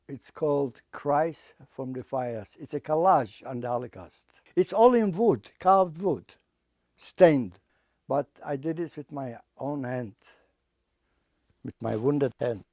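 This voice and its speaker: An older man giving personal testimony as an interviewee, speaking haltingly and emotionally, often repeating and restarting his words. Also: medium pitch, dark tone, no echo. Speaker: interviewee, artist.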